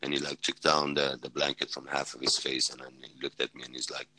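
On a podcast, a Swedish man who once served as a fighter and medic rambles through a war story, blunt and casual, cursing constantly and starting over again and again. His rumbling low voice is completely flat, fairly quick, bright and forceful with a breathy edge. He is a native Swedish speaker, and the audio is dry and low quality.

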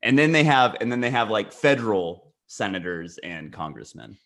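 A man co-hosting a comedy podcast, in casual, teasing banter and quick jokes. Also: fairly low pitch, sing-song, fairly bright tone. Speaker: podcast co-host.

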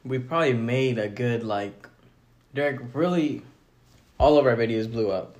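A man's voice: mid-range voice, normal speed, darkish tone. A man appearing as a podcast guest, talking casually and easygoing. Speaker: podcast guest, TikTok creator. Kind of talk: casual chat.

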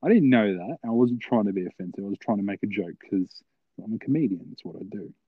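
A man's voice: lowish voice, lively intonation, quick pace, breathy edge, dry recording, phone-quality sound. A young man telling a long story, rambling and swearing, full of fillers. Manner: rambling, profane, filler-heavy. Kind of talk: casual storytelling.

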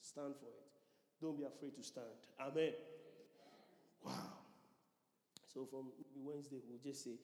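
A man's voice: medium pitch, steady tone, measured pace, long pauses, mellow. Preacher man in an echoey hall. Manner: repeats lines for emphasis and calls out to the congregation. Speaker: pastor. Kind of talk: sermon. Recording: echoey church hall reverb.

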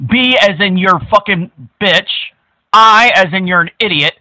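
A man making a prank phone call, crude, abusive and mocking, at times bursting into shouts. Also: sits high, unhurried, no room sound. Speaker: prank caller.

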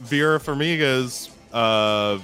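A man co-hosting a podcast, talking over a film in halting, casual speech with sudden rises when making a point. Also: medium pitch, pushed and bright, clean tone, soft background music. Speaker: podcast co-host. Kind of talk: casual movie review chat.

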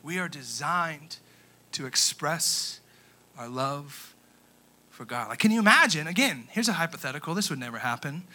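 A young man preaching a sermon as a youth pastor, animated, swinging between quiet and loud with emphatic pauses. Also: a little high.

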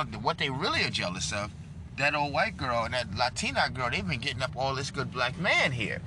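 A man hosting a political commentary show, ranting in a loud, profane, combative and preachy way from inside a car. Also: fairly high pitch, noisy background.

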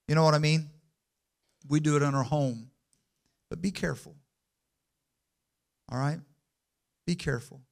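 A man preaching a sermon in church, calling for amens and building from quiet to loud and emphatic. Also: on the high side, creaky. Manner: call-and-response, asks the congregation for amens.

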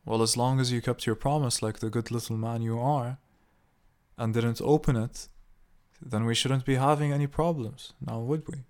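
A man's voice: mid-range voice, fairly even intonation, a little mellow, lightly acted. Man putting on a cruel old woman. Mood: sarcastic. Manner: mock-sweet, then slow and screaming.

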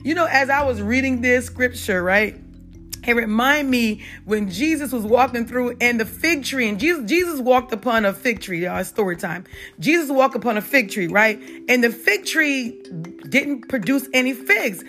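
Southern-accented woman host, middle-aged, loose unscripted talk full of "y'all", pitched a bit high. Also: expressive, normal speed, a bit bright, soft background music. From South Carolina. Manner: chatty, repeats "you guys" and "y'all", many fillers. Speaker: holistic health talk host. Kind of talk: unedited casual health and faith talk.

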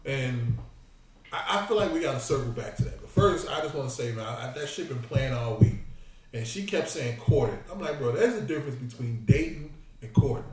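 A man's voice: mid-range voice, animated, moderate pace, darkish tone, heavy reverb, distant mic. A man co-hosting a casual podcast, rambling and profane, often repeating words as he works through a point. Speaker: podcast co-host. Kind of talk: casual crude banter.

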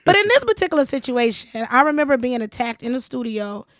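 A woman's voice: on the high side, very animated, fast, dry recording, clean studio sound. A woman hosting a casual conversation, talking emphatically and repeating phrases for stress. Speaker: podcast host.

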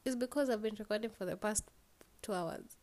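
A woman's voice: medium pitch, fairly quick, a little mellow. Young woman, Kenyan accent, solo podcast host; tired and yawning, rambles casually, mid-range voice. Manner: rambling, swears freely, switches between English and Swahili.

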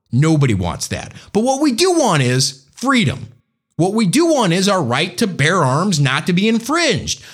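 Animated man hosting political commentary. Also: high voice. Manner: animated, sarcastic asides. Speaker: podcast host.

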